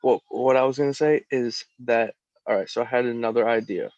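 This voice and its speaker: A man's voice: medium pitch, brisk, darkish tone, no echo, highs cut off. A man co-hosting a casual podcast, teasing his partner, laughing often and repeating himself. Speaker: podcast co-host. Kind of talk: casual chat.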